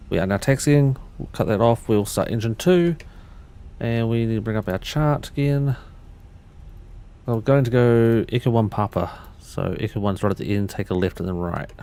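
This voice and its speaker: A man with a fairly low, dark voice speaks at a moderate pace as he livestreams, talking through cockpit steps. His commentary is casual, he chats loosely with viewers, and he often restarts his sentences.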